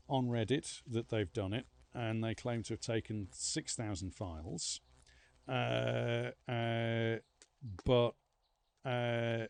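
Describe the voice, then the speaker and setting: A man streaming a game live, chatting casually with viewers in a rambling, self-mocking way. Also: mid-range voice. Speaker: livestreaming gamer. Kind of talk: casual live gameplay chat.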